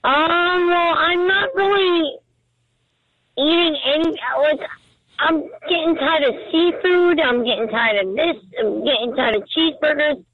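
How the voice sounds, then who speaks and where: Female phone-in caller, high and chatty, dry tinny line. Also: unhurried, no room sound. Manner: chatty, rambling, playful. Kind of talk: phone-in chat.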